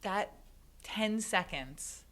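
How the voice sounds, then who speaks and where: A woman, likely in her thirties, excitedly telling a personal story in a casual podcast chat, full of "like". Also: medium pitch, drawn-out words. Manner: animated, excited storytelling with frequent "like". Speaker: guest.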